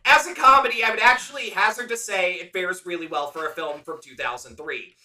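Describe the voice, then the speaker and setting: A man's voice: sits high, brisk, bright, forceful tone, roomy sound, recorded from a distance. A man co-hosting a podcast, reviewing a film in casual, profane, enthusiastic chat. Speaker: podcast co-host.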